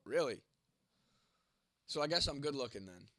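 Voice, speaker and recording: Expressive and at normal speed, a young man's medium-pitched voice comes through pushed and bright in clean studio sound with no room noise. Hosting a casual livestream, he answers chat with blunt, profane jokes while congested, coughing and losing his voice.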